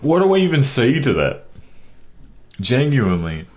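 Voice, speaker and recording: Casual reaction-channel host, man, lively swings in pitch, disbelieving reactions. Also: moderate pace. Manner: animated, incredulous, laughs a lot.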